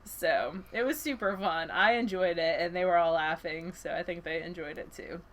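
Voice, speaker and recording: A woman co-hosting a casual chat show, an animated storyteller who laughs often and acts out the lines she quotes. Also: fairly low pitch, moderate pace. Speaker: podcast co-host, school librarian.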